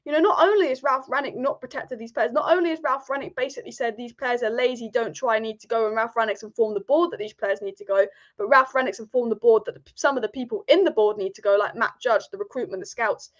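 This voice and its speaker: A woman's voice: fairly high pitch, fast, few pauses. A woman hosting a live football fan stream, ranting passionately and repeating her points. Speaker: football channel host. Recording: dull lo-fi stream audio.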